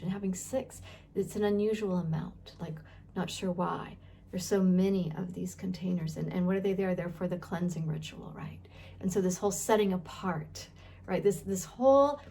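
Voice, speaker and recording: A woman's voice: mid-range voice, mellow, a little hiss or hum. Woman teaching scripture conversationally. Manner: thinks aloud, with frequent restarts and repeated words; conversational, asks the listeners questions. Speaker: Bible teacher. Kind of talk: casual Bible teaching.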